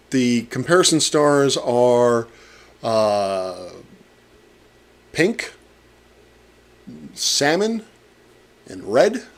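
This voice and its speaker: A man and astronomy professor narrating his data work on a live stream, muttering and halting with many fillers, his words muffled by a pen in his mouth. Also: mid-range voice. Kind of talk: casual live-stream narration while working.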